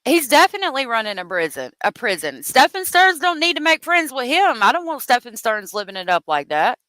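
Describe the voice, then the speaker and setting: Woman host for unscripted true crime commentary: lively pitch that swings hard, bright edge, swearing and worked-up. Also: brisk, no room sound, rough recording. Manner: profane, exasperated ranting.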